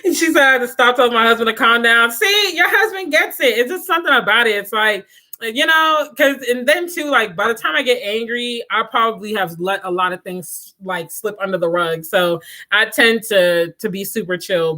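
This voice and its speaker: A young woman hosts a relaxed livestream, chatting straight to her viewers and breaking into laughter often. Her voice is bright and lively. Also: fairly high pitch, normal speed. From Washington, DC area. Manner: animated, laughs often, addresses viewers as y'all. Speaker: livestream host. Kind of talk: casual livestream chat.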